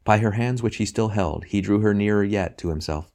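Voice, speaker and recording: A man narrating a novel as an audiobook in a measured, even reading. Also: on the low side. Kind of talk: scripted narration.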